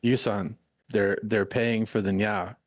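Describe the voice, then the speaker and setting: A man's voice: lowish voice, little pitch movement, slow pace, dry recording, clean studio sound. A man co-streaming in casual chat, teasing, laughing and stammering on a headset.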